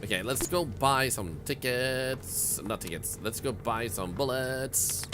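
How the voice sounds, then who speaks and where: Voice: mid-range voice, expressive, slow, music in the background. A game streamer giving playful, silly live commentary and joking with chat.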